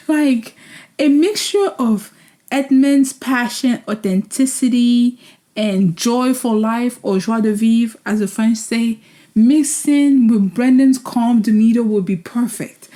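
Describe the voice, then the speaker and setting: Animated, opinionated woman with a mellow voice. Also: unhurried. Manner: animated, opinionated and sarcastic, with sudden high exclamations. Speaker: vlog host reviewing a reality show. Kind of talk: casual reaction commentary.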